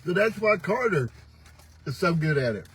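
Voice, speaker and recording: A man's voice: on the high side, big pitch swings, normal speed, a bit bright, breathy edge, low-quality recording. An older man hosting a casual morning livestream, folksy and teasing, laughing often as he talks. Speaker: host. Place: pickup truck.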